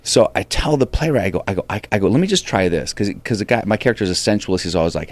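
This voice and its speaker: A man, a comedian and actor, telling an animated story in a casual interview, acting out quoted lines with lots of restarts. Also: deep voice, rapid-fire, few pauses.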